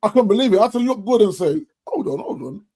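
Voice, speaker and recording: Husky football pundit. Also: male voice, high-pitched, sing-song, quick pace, mellow. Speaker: podcast panelist. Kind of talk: casual football chat.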